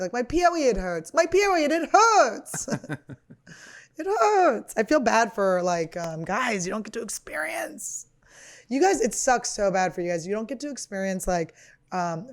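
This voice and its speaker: Crude, rambling thirty-something woman comic. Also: fairly low pitch. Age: 30s. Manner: crude, rambling, profane and self-mocking. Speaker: podcast host and comedian. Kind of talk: casual comedic monologue.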